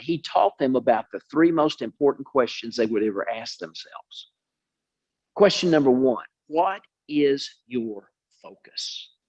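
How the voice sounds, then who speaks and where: A man teaching a Bible study, telling a story in a lively sermon style and repeating words for emphasis. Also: mid-range voice, dull audio.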